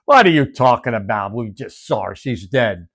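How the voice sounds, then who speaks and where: A man's voice: medium pitch, expressive, moderate pace, a bit bright, husky. A male preacher voicing a scornful crowd of mourners who laugh and scoff. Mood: mocking.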